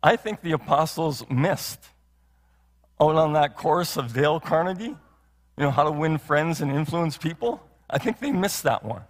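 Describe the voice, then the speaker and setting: A man's voice: fairly high pitch, expressive, normal speed. A male pastor preaching a sermon in a church, earnest, with many rhetorical questions and repeated phrases. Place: church sanctuary. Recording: long hall reverb.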